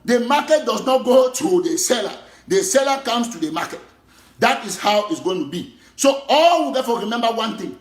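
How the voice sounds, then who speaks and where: Cameroonian activist, a man with a high voice, in an impassioned political monologue recorded in an echoey room. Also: big pitch swings, moderate pace. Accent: Cameroonian Pidgin English. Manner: impassioned, emphatic, repetitive.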